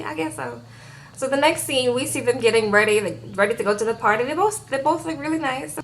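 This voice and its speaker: A woman with a slightly high voice chats through a reality show recap, retelling each scene casually and often ending on "okay?". A faint hiss sits under her voice. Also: a bit bright. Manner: chatty retelling, acts out quotes, tags sentences with "okay?".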